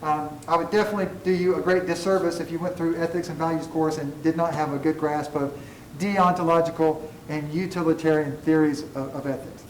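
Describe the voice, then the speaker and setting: A man's voice: fairly high pitch, recorded from a distance, slight background noise. Man lecturing in an echoey classroom. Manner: digressive, self-deprecating humor. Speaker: college ethics instructor.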